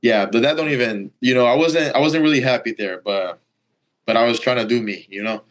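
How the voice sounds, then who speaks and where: A young man from Brazil, telling stories as a guest in a casual interview, animated and full of "like" and "you know". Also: medium pitch, fairly quick. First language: Portuguese. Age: young adult. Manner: animated, acts out quoted lines, filler-heavy. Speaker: college baseball player, guest. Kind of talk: casual storytelling.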